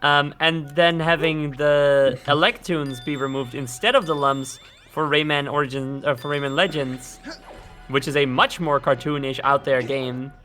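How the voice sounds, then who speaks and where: A man's voice: on the high side, fairly even intonation, moderate pace, bright, forceful tone, soft background music. A man on a live stream, chatting casually and giving opinions at length about game lore. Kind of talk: casual chat.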